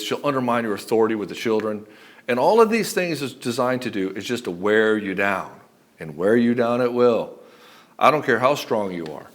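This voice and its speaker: A man's voice: medium pitch, a bit bright. A man giving relationship advice as a coach, speaking bluntly and emphatically, with frequent swearing. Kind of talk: direct-to-camera advice monologue.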